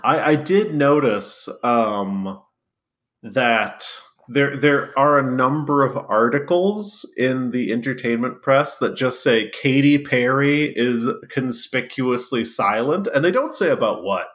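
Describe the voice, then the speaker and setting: A man's voice: mid-range voice, slow. A man co-hosting a casual comedy podcast, joking playfully and often laughing. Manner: playful, lively, laughs between phrases. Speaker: podcast co-host.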